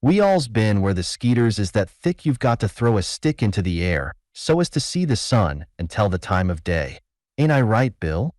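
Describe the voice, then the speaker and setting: A man voicing rough male gold prospectors who talk in a testy folksy frontier dialect. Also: on the low side, big pitch swings, moderate pace, a little mellow, no room sound, clean studio sound.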